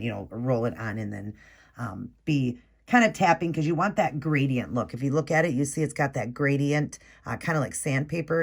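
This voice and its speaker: Guy with a gravelly voice talking thru a nail tutorial, chatty, says sorry a lot. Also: a little high. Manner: chatty, explains while working, quick apologies. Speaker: nail art tutorial host. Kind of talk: casual step-by-step tutorial.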